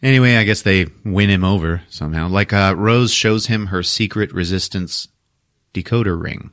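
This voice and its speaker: A man casually recapping a movie for a podcast, swearing, laughing and acting out the characters in quick voices. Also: deep voice, fairly bright tone. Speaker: podcast host recapping a film.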